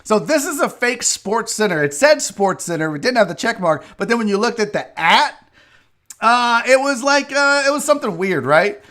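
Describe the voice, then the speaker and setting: A man hosts a live sports talk show with a loose, joking energy, his voice pitched high for a man and tossing off quick asides. He's animated, reads chat messages out loud, and every so often slips into an exaggerated Southern gentleman drawl for laughs.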